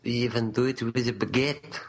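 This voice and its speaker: A man's voice: medium pitch, fairly even intonation, fairly quick, natural voice. Man doing a smug mock-French romantic. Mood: mock-proud. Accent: mock French accent. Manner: mock-proud, teasing.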